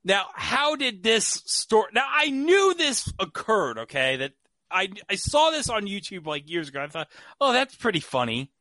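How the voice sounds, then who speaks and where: Man, podcast host, casual storytelling, bright, dry close sound. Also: sits high, big pitch swings, normal speed, dry recording. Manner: chatty storyteller, many fillers. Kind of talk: casual chat.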